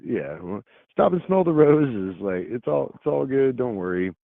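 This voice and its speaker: A man's voice: mid-range voice, big pitch swings, moderate pace, creaky, dry recording. Laid-back man calling in over a phone line. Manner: laid-back, easygoing, rambling. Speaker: caller. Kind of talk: casual call-in chat. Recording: tinny dry phone line.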